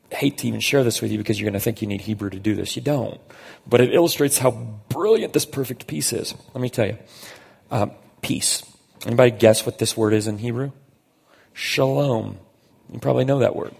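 A man with a fairly low, very husky voice and a heavy gravelly rasp delivers a conversational sermon. He leans on key phrases and slows down to stress them. The sound carries the long reverb of a large church hall. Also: darkish tone. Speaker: pastor.

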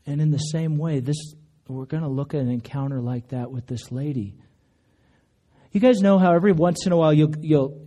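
A man preaching a sermon in church, telling stories conversationally and acting out quotes. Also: dark tone. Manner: conversational storytelling, acts out quotes with raised pitch. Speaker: pastor. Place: church sanctuary.

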